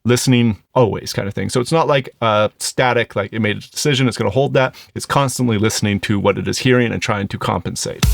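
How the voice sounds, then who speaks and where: A man's voice: lowish voice, fast talker, gravelly, few pauses. A man reviewing an audio plugin in a casual, explanatory tutorial, thinking aloud as he goes. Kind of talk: casual screen-recorded tutorial.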